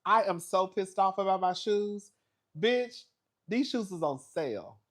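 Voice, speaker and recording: A man's voice: high-pitched, unhurried. A man hosting a casual, profane gossip recap of a reality show, telling stories with sass and frequent laughter. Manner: sassy, animated storytelling with profanity and dramatic asides; laughs often.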